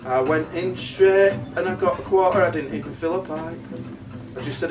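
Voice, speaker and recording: High-voiced comedian, crude storyteller. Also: male voice, moderate pace, distant mic. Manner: crude, swearing, laughing at his own jokes. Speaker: comedian and musician. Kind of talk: stand-up comedy storytelling with song.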